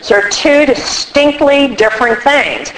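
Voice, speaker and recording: A woman speaking casually at a recovery meeting, animated and acting out little quoted voices as she explains. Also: sits high, unhurried, slight background noise, rough recording. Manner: animated, acts out quotes with props. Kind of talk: casual workshop talk.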